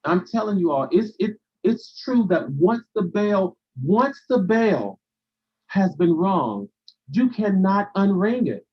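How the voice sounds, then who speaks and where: A man's voice: high voice, sing-song, slow, slightly rough, muffled recording. A man hosting a live stream, giving a motivational talk in a preacherly way, repeating phrases for emphasis and answering viewers' comments.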